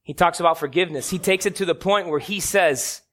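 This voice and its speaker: A man's voice: high-pitched, a little fast, fairly bright tone. A man preaching a sermon, telling stories dramatically and building to emphatic peaks.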